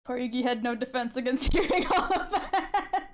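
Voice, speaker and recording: A woman streamer in relaxed chat while she draws live, swearing often and laughing easily. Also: high-pitched, moderate pace. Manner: calls herself loud.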